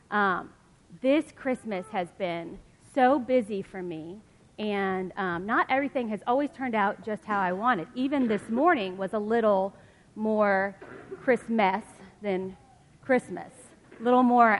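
Slow, gentle woman reading a storybook. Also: mid-range voice. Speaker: children's story reader at a church service. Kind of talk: reading a picture book aloud to a congregation. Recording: long reverb of a church hall.

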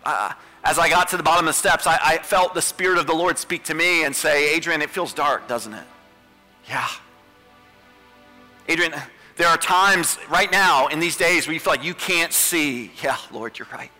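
A man in his thirties preaching a sermon as a pastor, repeating phrases and swinging between pleading high lines and hushed low ones. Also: moderate pace. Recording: reverberant hall with soft music.

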